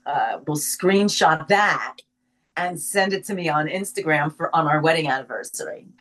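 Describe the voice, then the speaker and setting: An older actress from the Bronx with a faint New York accent, telling stories in a casual interview and laughing often. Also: female voice, deep voice, moderate pace. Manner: animated storyteller, laughs often. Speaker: actress guest.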